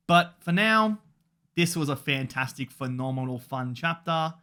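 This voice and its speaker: Excitable young man reacting. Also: mid-range voice. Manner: excitable, swears, swings between shouting and calm. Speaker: anime reaction channel host.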